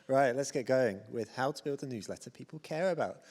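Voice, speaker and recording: A man's voice: mid-range voice, fairly quick, a little mellow. A British man in his thirties giving a self-deprecating, chatty conference talk with plenty of fillers and restarts. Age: 30s. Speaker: conference speaker. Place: large conference hall on stage. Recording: hall reverb from a stage mic.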